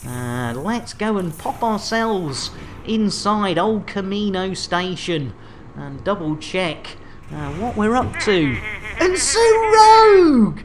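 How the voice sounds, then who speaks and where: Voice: medium pitch, animated, slow pace, slight background noise. A game streamer chatting casually on a live stream, with jolly, chatty showman patter and playful catchphrases.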